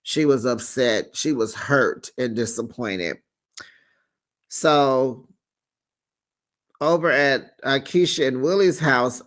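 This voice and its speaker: Man, recap host, sassy, animated, gossipy storytelling, acts out quotes. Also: fairly high pitch. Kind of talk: casual gossip recap commentary.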